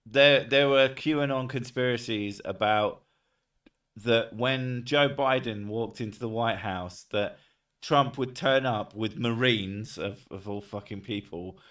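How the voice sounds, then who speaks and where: A man's voice: mid-range voice, a little slow, fairly bright tone, distant mic. A man streaming live, chatting casually, swearing often and laughing between rambling thoughts. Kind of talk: casual livestream chat.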